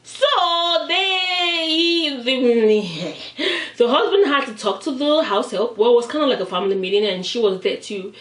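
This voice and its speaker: A woman's voice: sits high, measured pace, hardly any pauses. A young Nigerian woman vlogger with a Nigerian accent, retelling a story animatedly as she eats. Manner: animated, dramatic retelling, acts out voices. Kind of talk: storytime chat while eating. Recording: roomy, mic at a distance.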